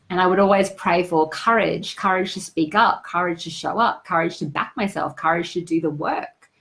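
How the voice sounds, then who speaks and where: A woman's voice: fairly low pitch, normal speed, hardly any pauses, fairly bright tone, poor audio. A woman hosting a live stream as a business coach, greeting viewers by name and giving effusive motivational talk.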